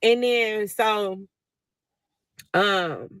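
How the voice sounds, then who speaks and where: Mom telling her viewers a personal story, emotional and chatty, y'all this y'all that, normal pitch, dry sound. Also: extremely slow, fairly bright tone, smooth, dry recording. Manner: talkative, emotional, addresses listeners as y'all.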